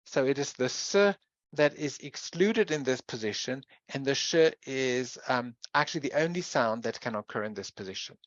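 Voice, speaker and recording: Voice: mid-range voice, animated, moderate pace, no echo. Lecturer, dull recording. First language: German. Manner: explanatory, spells out sounds and examples. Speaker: university lecturer.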